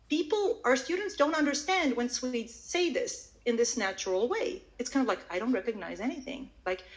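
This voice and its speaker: A woman teacher talks through her methods on an online audio call. Her voice sits a little high. She is animated and demonstrative, often restarting mid-sentence as she explains. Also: low-quality recording. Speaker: Swedish language teacher.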